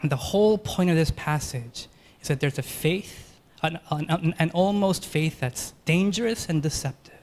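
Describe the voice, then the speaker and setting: A man preaching a sermon, earnest and rhetorical, moving between quick runs and slow, emphatic phrases. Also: fairly high pitch, darkish tone.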